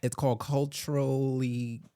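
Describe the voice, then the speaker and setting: A man's voice: mid-range voice, level tone, a little slow, warm tone, clear, resonant tone, no room sound. List: man, podcast host, profane teasing banter, dry studio. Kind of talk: casual chat.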